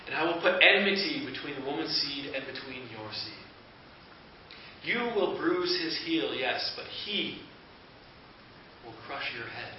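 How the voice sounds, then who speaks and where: A man's voice: medium pitch, expressive, unhurried, long pauses, close to an everyday voice. Man giving voice to a stern, solemn God. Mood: pronouncing judgment. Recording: echoey, distant, dull with hiss.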